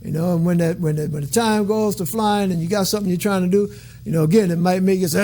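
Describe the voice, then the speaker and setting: A man's voice: high voice, fast talker, mellow. A man teaching from scripture in a sermon, reading aloud and breaking off for casual, colloquial asides and frequent check-ins. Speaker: Bible teacher.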